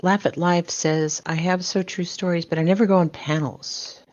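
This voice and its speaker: A woman's voice: lowish voice, fairly even intonation, moderate pace, a little mellow, no room sound. An older woman hosting a livestream, greeting viewers one by one and calling them sweetheart and baby. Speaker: livestream host. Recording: dull lo-fi sound.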